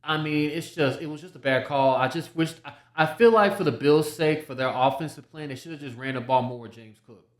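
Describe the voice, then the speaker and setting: A man's voice: fairly high pitch, a little fast, few pauses, echoey room. A man hosting a solo sports podcast, talking casually, often repeating himself and restarting his sentences. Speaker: podcast host.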